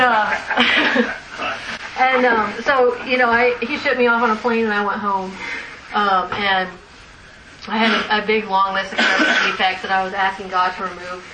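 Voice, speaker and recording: A woman candidly sharing a personal recovery story with a group, rambling, laughing often and using many fillers. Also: medium pitch. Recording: echoey room, distant mic, noisy.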